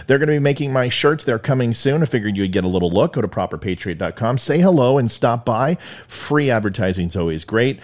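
Middle-aged man, podcast host, solo monologue, wry joking asides, mid-pitched voice. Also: animated, brisk, a little mellow.

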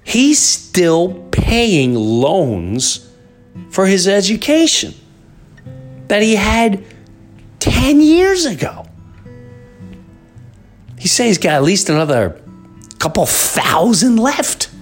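A man's voice: high voice, sing-song, takes it slowly, pauses often, soft background music. A middle-aged man hosting a podcast, talking through an impassioned, preachy solo monologue. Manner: impassioned, preachy rant with emphatic swings. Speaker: podcast host.

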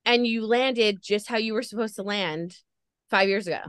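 A woman's voice: mid-range voice, moderate pace, fairly bright tone, clear, resonant tone, dry recording. A woman podcast host gushing as she retells a story in a casual interview chat.

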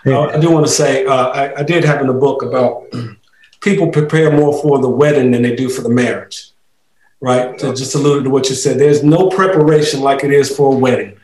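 A man's voice: medium pitch, fairly even intonation, brisk, darkish tone. A man who wrote a book, sharing reflective personal stories about weddings and marriage on a panel. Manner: reflective, anecdotal, teacherly. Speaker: author and panelist. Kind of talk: casual panel chat. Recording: roomy echo.

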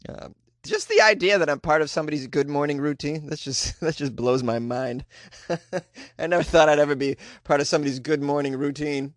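A man hosts a comedy news podcast in a joking monologue, often chuckling between lines. His voice sits slightly high for a man. The sound is dry and close, with no room echo. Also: fairly quick. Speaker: podcast host.

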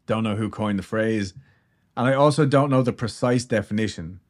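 A man's voice: fairly low pitch, normal speed. A man hosting a podcast, telling a strange story in a rambling, jokey way and swearing casually. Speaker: podcast host.

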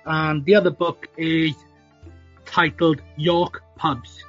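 A man guest on a podcast, an author talking in a relaxed, self-deprecating way. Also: on the high side, takes it slowly, soft background music. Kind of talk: podcast interview. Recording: slightly dull audio.

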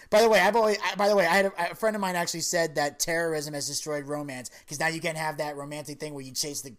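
A man's voice: on the high side, quick pace. A man hosting a podcast, telling a long story in casual chat and acting out the quoted lines. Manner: animated storyteller who acts out quoted lines. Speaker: podcast host.

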